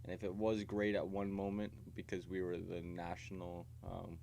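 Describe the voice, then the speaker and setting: A man's voice: low voice, completely flat delivery, moderate pace, creaky, a little mellow, a little hiss or hum. A man hosting a casual livestream video chat with strangers, rambling and profane in a provocative way. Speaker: livestream host.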